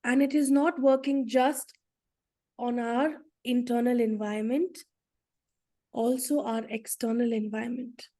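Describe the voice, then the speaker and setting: Soft-toned, slow-speaking woman presenter. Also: a little high, steady tone. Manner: emphatic, demonstrative, uses tag questions. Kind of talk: casual presentation with interpreter.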